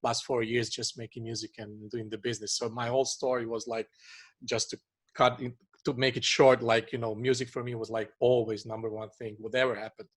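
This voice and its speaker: Halting man chatting casually. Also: mid-range voice, flat delivery. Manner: halting, repeats words, many "you know" fillers. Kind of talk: casual chat.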